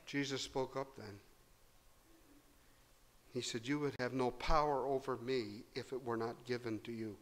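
A man preaching a sermon, swinging between loud emphasis and hushed low tones. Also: steady tone, measured pace, pauses often. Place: church hall. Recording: long hall reverb.

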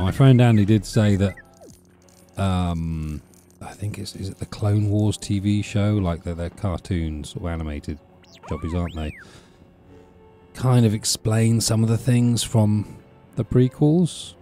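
A deep, mellow-toned man talking over his gameplay with soft music underneath. He rambles along in a relaxed, chatty way, trailing off and restarting his thoughts. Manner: rambling, chatty, self-interrupting with fillers. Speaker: let's play host. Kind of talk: casual gameplay commentary.

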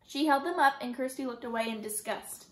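A woman teacher reading a novel chapter aloud with clear, expressive storytelling. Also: high voice, a little fast. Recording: roomy echo.

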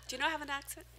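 Preaching a sermon to a small evening congregation in a church hall, a woman pastor speaks with a high, bright voice. She's animated and self-mocking, leaping between loud outbursts and hushed asides, her sound sharp and forward.

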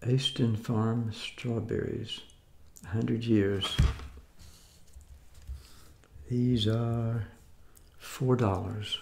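A man's voice: medium pitch, little pitch movement, extremely slow, gravelly, background noise. A man in his seventies from the United States, showing off his groceries in a rambling, folksy way with mildly skeptical asides. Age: 70s. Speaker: food vlogger. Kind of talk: casual grocery haul show-and-tell.

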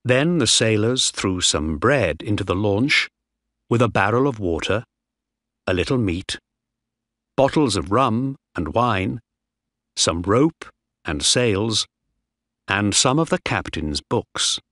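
Slow, expressive male story narrator. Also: fairly low pitch, no room sound, clean studio sound. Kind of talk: audiobook reading of a graded reader.

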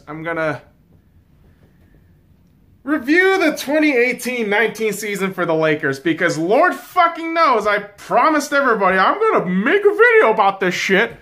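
A man's voice: high-pitched, sing-song, normal speed, pushed and bright. A man hosting his own sports vlog, ranting casually with a lot of swearing and addressing his audience as boys and girls. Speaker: sports vlogger. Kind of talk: casual profane rant.

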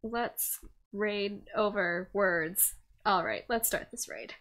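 A woman co-hosting a laid-back live stream, bubbly and teasing, quick to joke with her co-host. Her voice is bright and forward. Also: mid-range voice. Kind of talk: casual chat.

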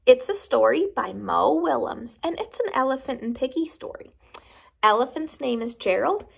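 Animated woman reading aloud to kids. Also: sits high, creaky, husky. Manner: animated, expressive storytelling. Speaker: preschool teacher. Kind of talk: reading a picture book aloud to children.

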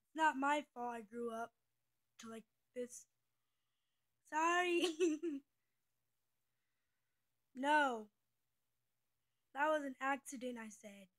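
A woman's voice: high-pitched, slow, pauses often. A young female speaker who says she is twelve, chatting casually and giggling often as she hops between topics. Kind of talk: casual chat on a call.

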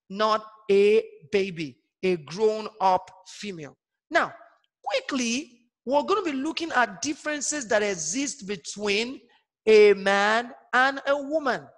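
A man gives an online lesson to primary school pupils, talking slowly and repeating each point so the children follow along. He keeps stopping to ask his class questions. His voice rings with a long reverb, as if he were recorded in a hall. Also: high-pitched, a bit bright. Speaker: teacher.

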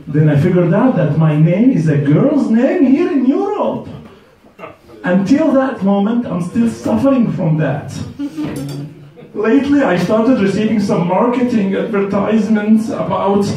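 A man from Syria performing a stand-up comedy set, animated and slipping into high put-on voices for the people in his stories. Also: a little slow. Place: comedy night stage. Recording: echoey hall, mic from a distance.

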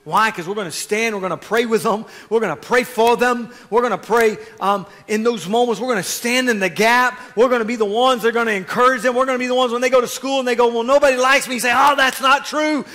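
A man preaching a sermon as pastor, swinging from quiet asides to loud, fervent exhortation. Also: very high voice, fast talker, hardly any pauses, long reverb tail.

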